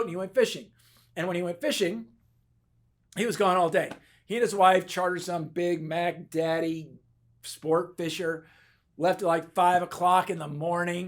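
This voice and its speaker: A man giving a motivational keynote talk on leadership, telling stories and acting out both sides of the dialogue in an animated way. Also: on the high side. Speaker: keynote speaker. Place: conference stage.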